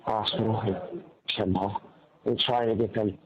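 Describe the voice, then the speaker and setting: Man, injured and in pain, pleading urgently, lowish voice, muffled hissy tape. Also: steady tone, a little slow, a crowd in the background. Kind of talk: recorded plea from a hospital.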